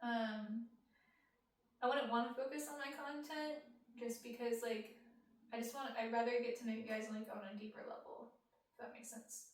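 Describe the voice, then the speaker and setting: A woman's voice: fairly high pitch, steady tone, normal speed, very echoey, recorded from a distance. A young woman casually answering fan questions, bubbly and rambling, full of ums and likes. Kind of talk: casual chat, reading comments aloud.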